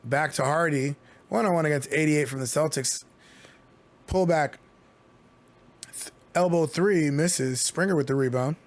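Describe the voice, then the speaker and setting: A man calls a basketball game live for his stream, in a casual, talkative play-by-play. His voice sits a little high for a man. He drifts into jokey asides between the plays. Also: a little slow, pauses often. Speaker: streamer giving play-by-play commentary.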